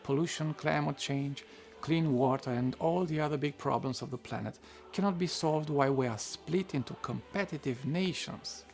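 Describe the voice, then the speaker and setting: Gravelly man narrating an essay. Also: on the high side, normal speed, a little mellow, soft background music. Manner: reflective, occasional wry asides.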